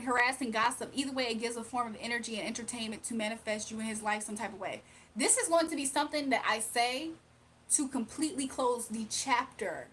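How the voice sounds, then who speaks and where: High-voiced woman giving a spiritual reading. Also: a bit bright, slight background noise. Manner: casual, emphatic, repetitive. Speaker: spiritual reader.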